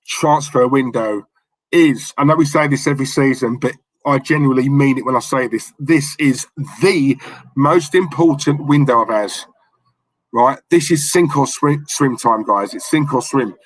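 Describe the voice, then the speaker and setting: A man's voice: medium pitch, no echo, low-quality recording. A man in his thirties, hosting a live fan stream and ranting in frustration, repeating himself and calling out names from the chat.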